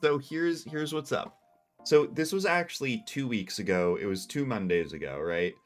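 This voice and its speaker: A man's voice: medium pitch, normal speed, soft background music. A man hosting a livestream in casual chat, a rambling storyteller who keeps restarting his sentences. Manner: rambling, self-interrupting storyteller with frequent laughs. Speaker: livestream host. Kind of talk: casual chat over a game stream. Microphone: earbuds with headset mic.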